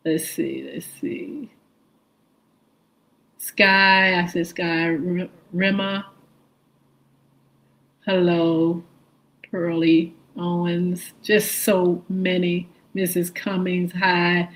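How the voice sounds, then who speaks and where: A woman's voice: on the low side, flat delivery, low-quality recording. A woman hosting a live morning show stream, greeting viewers one by one and spelling out their usernames. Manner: slow, warm greetings, spelling out viewer names.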